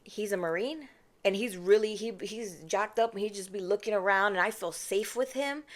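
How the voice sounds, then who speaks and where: A young woman vlogger tells a casual storytime at mid pitch and normal speed, sassy, chatty, and expressive. She calls her viewers babes and y'all and mimics others in mock voices, speaking into a close personal microphone.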